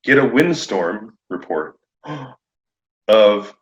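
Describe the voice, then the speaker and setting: A man talking shop as a podcast guest, animated and laughing often as he acts out conversations. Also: on the low side, extremely slow. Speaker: podcast guest, roofing contractor. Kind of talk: casual podcast chat. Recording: echoey room, dull lo-fi sound.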